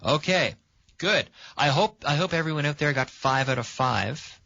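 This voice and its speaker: A man hosting a radio English lesson, patiently quizzing a student and stressing words with lively intonation. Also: fairly high pitch, moderate pace, vocal fry, no echo. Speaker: English teacher and radio host. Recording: dull, lo-fi sound.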